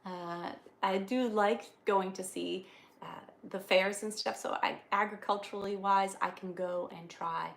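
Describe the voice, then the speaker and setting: A woman's voice: medium pitch, steady tone, unhurried, vocal fry. Chatty woman live-streaming from her farm. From Northeast US. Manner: chatty, frequent fillers and restarts. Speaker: livestreamer. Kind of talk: live-stream chat, answering viewers. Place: indoors on a farm, rainy day.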